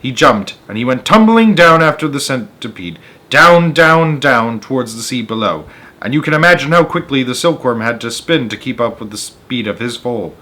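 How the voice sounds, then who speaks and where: Male storyteller, animated read-aloud of a children's book. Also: mid-range voice, normal speed. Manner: animated, expressive reading.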